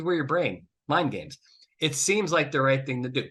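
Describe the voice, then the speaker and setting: A man's voice: medium pitch, lively intonation, a little slow, a bit bright. A man hosting a podcast, giving blunt, emphatic advice with swearing and exasperated outbursts. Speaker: trial consultant podcast host. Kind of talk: animated solo podcast talk.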